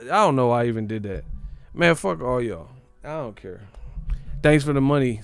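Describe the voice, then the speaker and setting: A man's voice: medium pitch, fairly quick, smooth, no room sound, soft background music. Profane trash-talking boxing commentator man. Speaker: boxing commentator, channel host. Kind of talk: casual boxing commentary rant.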